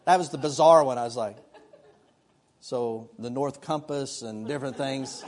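A man's voice: mid-range voice, moderate pace, a crowd in the background. A middle-aged male pastor preaching a sermon in a conversational way, mixing scripture with personal stories.

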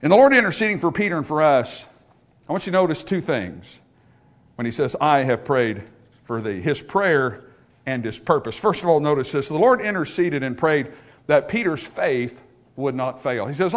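A man preaching a sermon to a congregation, dropping to a hush for scripture and rising to loud emphasis. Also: medium pitch, animated. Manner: swings from hushed, drawn-out scripture quotes to loud, emphatic preaching. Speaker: pastor. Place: church in front of a congregation.

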